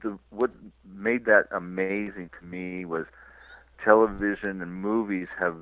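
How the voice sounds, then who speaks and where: Deep-voiced man telling stories over phone. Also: unhurried, no room sound. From California. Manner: relaxed rambling storyteller with restarts and small laughs. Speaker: touring cyclist guest. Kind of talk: storytelling on a radio interview. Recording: tinny dry phone line.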